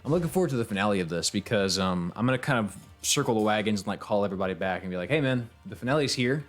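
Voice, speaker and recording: Male streamer, low-pitched, quick talker, tired, rambling, easygoing, frequent laughs and fillers, casual live-stream chat. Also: lively intonation, soft background music. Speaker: game streamer and voiceover actor.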